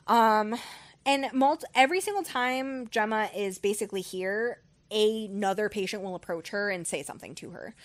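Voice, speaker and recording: A woman hosting a book club podcast, recapping a story in a rambling casual way, full of ums and likes and the odd casual swear. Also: medium pitch.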